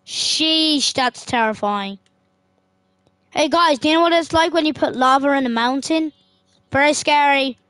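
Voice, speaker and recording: A woman giving casual, excitable gameplay commentary as a streamer. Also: sits high, unhurried, dry recording. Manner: excitable, yelps and exclaims while playing. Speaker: gaming streamer.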